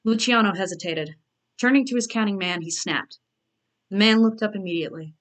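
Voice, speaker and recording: A woman's voice: mid-range voice, fairly quick, fairly bright tone. A woman author reading her own novel aloud on a live stream, breaking off for self-mocking asides.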